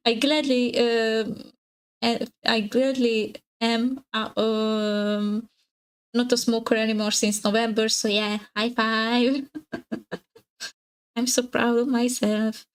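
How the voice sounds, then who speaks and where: Chatting on a live stream, this young Hungarian woman sounds giggly and unsure, often filling pauses and starting sentences over. Her slightly husky voice is on the high side, level and slow, and the recording quality is low.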